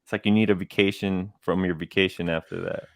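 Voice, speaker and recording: Podcast co-host, man with a fairly low voice, playful easygoing banter, dry close recording. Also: steady tone, fairly quick, clean tone, dry recording. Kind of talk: casual chat.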